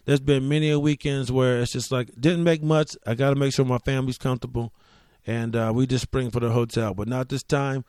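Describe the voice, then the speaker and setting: A man's voice: mid-range voice, fairly even intonation, a little fast, a little mellow, smooth, no room sound. Profane joking man, dry close mic. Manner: profane, joking, loose rambling delivery. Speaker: comedian podcast host. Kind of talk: casual solo storytelling.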